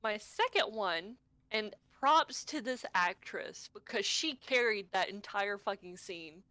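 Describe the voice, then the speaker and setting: A woman co-hosting a casual podcast, retelling film scenes in an animated way and swearing freely as she goes. Her voice sits at an ordinary middle pitch. It sounds dry and close, with no room echo. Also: slow pace. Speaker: podcast co-host.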